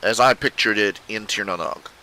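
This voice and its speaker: A middle-aged man casually commenting on his artwork, rambling and halting with many fillers. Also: on the low side, bright, forceful tone, low-quality recording. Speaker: artist showing his commissions.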